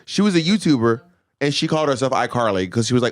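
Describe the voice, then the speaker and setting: Animated, lively man chatting on a podcast. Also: medium pitch, racing, no echo, studio quality. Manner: animated storyteller, laughs often. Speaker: podcast co-host. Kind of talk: casual chat.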